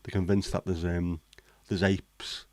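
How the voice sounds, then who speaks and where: A deep-voiced man talks casually on a livestream. His tone is blunt and cynical, full of swearing and banter. The sound is dry and close. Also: level tone, unhurried, dry recording. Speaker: livestream host. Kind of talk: casual chat.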